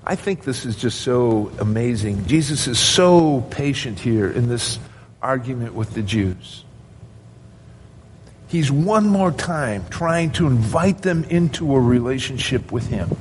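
A man's voice: medium pitch, animated, measured pace, a little hiss or hum. A male pastor preaching a sermon to his congregation, earnest and asking rhetorical questions.

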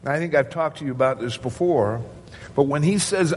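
A man's voice: on the high side, moderate pace, darkish tone, a little hiss or hum. A male pastor preaching a sermon to his congregation, earnest and asking rhetorical questions.

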